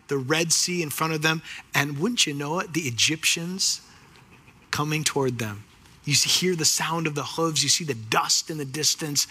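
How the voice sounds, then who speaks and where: A man preaching a sermon with a husky voice, animated and acting out the voices of the people in the story. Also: fairly high pitch.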